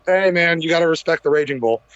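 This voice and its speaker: A man's voice: a little high, fast, fairly bright tone, smooth, no echo, highs cut off. A man chatting casually as a guest, laid-back and profane, calling people dude. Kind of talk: casual chat.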